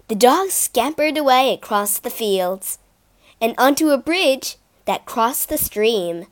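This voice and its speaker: A woman reads children's fables aloud in an expressive, animated storybook voice. Her pitch is high and swoops widely, and she reads at an unhurried pace. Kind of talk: storybook reading.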